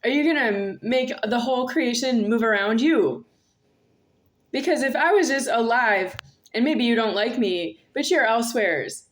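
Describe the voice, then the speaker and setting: Brief: woman, somewhat high voice, solo vlog, repetitive confrontational monologue. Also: animated, measured pace. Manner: repetitive, confrontational, addresses an unseen "you". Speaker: vlogger. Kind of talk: rambling monologue to camera.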